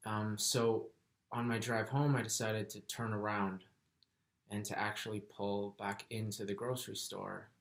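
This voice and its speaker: A man telling a personal story in a soft-spoken, earnest, reflective way. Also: on the low side, little pitch movement, a little slow, vocal fry. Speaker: vlogger.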